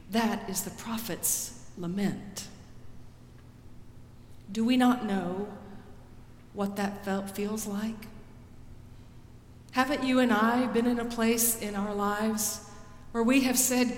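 A woman pastor preaching a sermon in a slow, deliberate way, rising for quoted pleas and dropping soft after them. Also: mid-range voice, a little hiss or hum. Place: church sanctuary. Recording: roomy church with long reverb.

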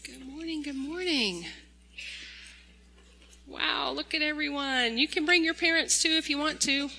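Woman pastor, gentle children's storyteller, very bright tone, long church reverb. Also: sits high, unhurried, vocal fry. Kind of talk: children's sermon. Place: large church sanctuary. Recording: echoey church hall.

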